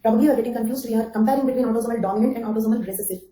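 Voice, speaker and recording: A woman's voice: on the high side, racing, warm tone, reverberant, poor audio. A woman giving an online exam-coaching lecture, repeating key phrases, checking with "okay?" and calling on students by name. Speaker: anthropology teacher.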